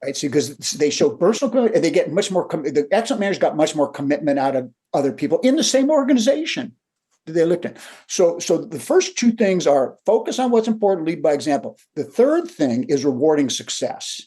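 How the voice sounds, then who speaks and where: An older man, a leadership coach, talking through lessons in a relaxed interview and acting out the people in his stories. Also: on the high side, fairly quick, husky. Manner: animated storyteller who acts out quotes. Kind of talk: conversational storytelling.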